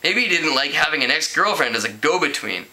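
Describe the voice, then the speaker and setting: Very animated and brisk, a man with a sharp-toned voice reads a teen novel aloud on a low-quality recording. It's a casual read where he stumbles, self-corrects, laughs along with the story and uses a higher pitch for character voices.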